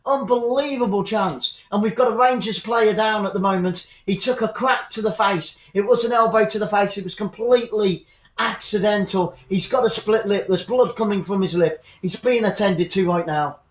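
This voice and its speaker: A man's voice: high-pitched, moderate pace. A man hosting a live fan football commentary stream, upbeat and chatty, greeting viewers by name. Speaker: football commentator and channel host. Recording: echoey room, dull lo-fi sound.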